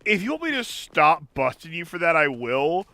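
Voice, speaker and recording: A man streaming a game and chatting casually with friends, loud, profane and playfully teasing. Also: on the high side, sing-song, normal speed, creaky, no room sound. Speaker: streamer and host. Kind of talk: casual group chat while gaming.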